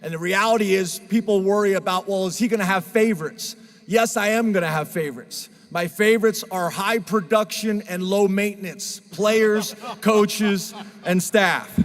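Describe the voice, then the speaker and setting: A head football coach with a high, bright-edged voice delivers an earnest, emotional press conference address, sometimes stumbling into restarts and fillers. He speaks unhurriedly with hardly any pauses, and his words ring out with a long reverb tail, as though in a large hall.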